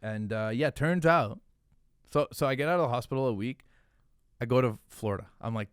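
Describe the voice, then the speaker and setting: A young man telling a story in casual podcast talk, animated and profane, with lots of fillers. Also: medium pitch, fairly quick, clear, resonant tone, dry recording, clean studio sound. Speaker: podcast guest, hot sauce founder.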